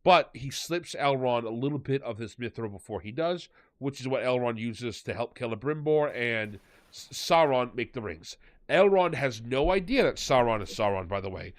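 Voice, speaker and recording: A podcast host chats loosely through a show recap, rambling with a sarcastic edge. His middle-pitched voice has lively intonation and normal speed, and the recording is dry and close with no echo or room sound.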